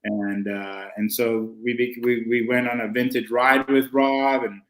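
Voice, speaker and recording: A man's voice: mid-range voice, unhurried, rough recording. A man, a winemaker guest, chatting casually and telling anecdotes with lots of restarts. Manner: animated anecdotes with acted quotes, many restarts. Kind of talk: casual storytelling chat.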